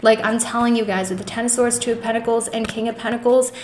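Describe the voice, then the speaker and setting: A woman's voice: fairly high pitch, fairly even intonation, quick pace, echoey room, a little hiss or hum. A woman giving a pick-a-card tarot reading, speaking earnestly and emotionally to her viewers and reassuring them often. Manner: many fillers and restarts, addresses viewers as guys. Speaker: tarot reader.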